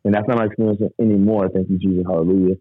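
A man's voice: low-pitched, flat delivery, rapid-fire, no echo. A man, the guest, telling an emotional personal story in a rambling, vivid way, acting out the voices of people he quotes. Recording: tinny phone-like dry sound.

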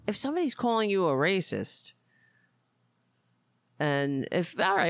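Woman host, unhurried, lively pitch, blunt rambling political talk. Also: soft background music. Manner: blunt, profane, rambling with restarts. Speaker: podcast host. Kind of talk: casual political commentary.

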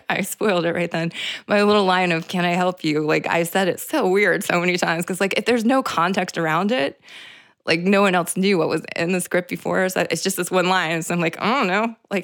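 Rambling woman with a gravelly low voice. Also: fairly bright tone, dry recording, clean studio sound. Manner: rambling, frequent "like" fillers, swearing. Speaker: podcast host. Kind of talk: casual solo podcast.

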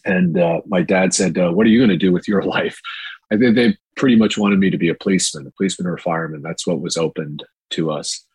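A man in his sixties from New York, an actor telling his life story in a relaxed, rambling way with many fillers. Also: low voice, quick pace, slightly rough, no room sound, low-quality recording. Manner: relaxed, rambling with fillers, mimics quoted voices. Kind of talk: storytelling in a casual interview.

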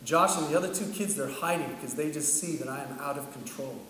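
A middle-aged man preaching a sermon, telling a story in an animated way and acting out the dialogue. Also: fairly high pitch, a little fast, a little hiss or hum. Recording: echoey hall from far off, faint ambience.

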